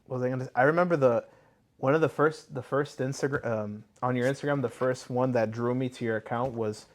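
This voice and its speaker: Guy talking loose and excited, says "like" constantly, kinda rambly guest energy. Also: medium pitch. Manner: rambling and enthusiastic, heavy use of "like" and restarts. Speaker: tattoo client and guest. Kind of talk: casual interview chat.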